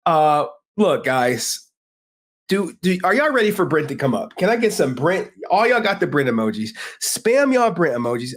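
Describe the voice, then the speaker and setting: A man's voice: fairly high pitch, sing-song, normal speed, faint music behind. Slangy, joking livestream host, a man. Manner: loose, joking, talks straight to chat with slang. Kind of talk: casual livestream chat.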